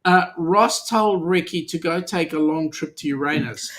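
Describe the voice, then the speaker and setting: A podcast co-host with an Australian accent and a somewhat high, slightly bright voice chats casually on a live stream at normal speed. He greets viewers by name and teases them.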